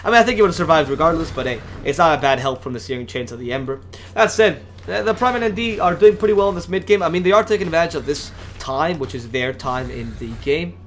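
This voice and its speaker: A man casting an esports match alone, talking fast, correcting himself often and getting louder in fights. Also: a little high. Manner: fast, self-correcting, rising to excited shouts in fights. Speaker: esports caster. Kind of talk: solo game commentary.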